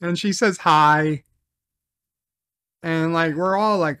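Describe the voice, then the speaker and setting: A man with a fairly high, bright, forceful voice talks through a TV episode recap and review. He takes his time, circles back to repeat phrases, and swears casually. The sound is dry and close. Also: slow, smooth, dry recording.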